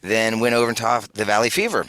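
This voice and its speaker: A male interview guest with a fairly low yet bright, forceful voice. He recounts his past steadily and reflectively, recorded in a dry, close sound. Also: animated, quick pace, no room sound. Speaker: interview guest, corps director. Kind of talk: casual interview chat.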